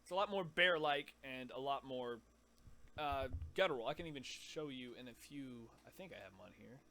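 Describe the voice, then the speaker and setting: A man casually explaining his scream techniques, stopping mid-sentence to demonstrate growls and shouts. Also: medium pitch, expressive, normal speed, a little hiss or hum. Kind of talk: casual vocal tutorial.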